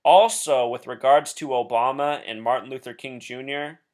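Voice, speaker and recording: A man of ordinary pitch delivers a solo commentary straight to his viewers. He speaks intensely and with emphasis, leaning on each point as he goes. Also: steady tone, normal speed, darkish tone. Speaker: blogger and video host.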